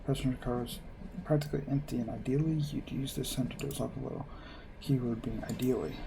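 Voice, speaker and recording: A man reading a visual novel aloud and adding wry, deadpan asides. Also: medium pitch, fast talker, creaky, background noise. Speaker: gamer playing a visual novel.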